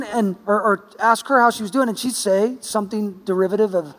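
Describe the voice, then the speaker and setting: High-voiced pastor in a reverberant hall. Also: male voice, moderate pace. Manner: playful, chatty, with quoted dialogue. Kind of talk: sermon with storytelling. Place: church sanctuary. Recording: long church-hall reverb.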